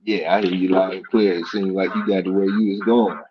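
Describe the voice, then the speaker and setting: A man co-hosting a podcast stream, relaxed, mostly short agreeing replies. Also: sits low, brisk, dull audio, heavy background noise. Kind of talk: casual livestream chat.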